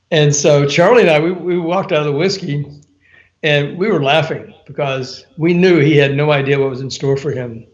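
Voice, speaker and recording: A man's voice: mid-range voice, highs cut off. An older man, an author and former radio promo man, telling a story in an interview, laughing often and acting out quotes. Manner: animated storyteller, laughs often, frequent fillers, quotes people in dialogue.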